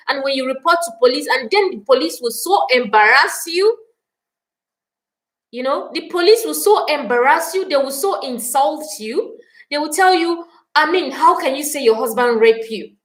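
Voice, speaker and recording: A Nigerian woman talks straight to her live-stream viewers, her voice sitting a little on the high side. She is passionate and indignant and keeps repeating her phrases to press her point. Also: fairly bright tone, low-quality recording. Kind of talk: impassioned live-stream talk answering viewer comments.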